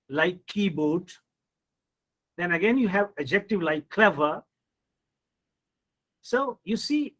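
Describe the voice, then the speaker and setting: A man leads a pronunciation lesson in a high, light voice. He talks slowly and patiently. He drills each word in a deliberate, repetitive way. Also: fairly bright tone, poor audio. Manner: slow, repetitive drilling with frequent "hmm" and "you see". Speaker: English pronunciation teacher. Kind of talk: online lecture on word stress.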